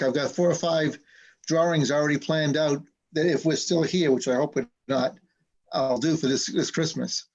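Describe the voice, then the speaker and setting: A man chats on a live stream with a fairly high voice and an easygoing, joking way of telling stories. The sound is a bit dull and muffled, like it's coming in through a video call. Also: measured pace. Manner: chatty, laughing between stories. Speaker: host. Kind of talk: casual chat on a live stream.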